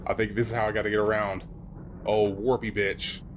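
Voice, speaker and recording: A man's voice: fairly low pitch, level tone, a little fast, a little hiss or hum. A man playing a horror game and commenting, jumpy and nervous, swearing and reading the on-screen text aloud. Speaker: let's play host.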